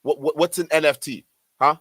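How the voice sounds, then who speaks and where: A man reacting to clips on a stream, excitable and mocking, often repeating himself and swearing. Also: a little high, normal speed, dry recording. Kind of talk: casual reaction commentary.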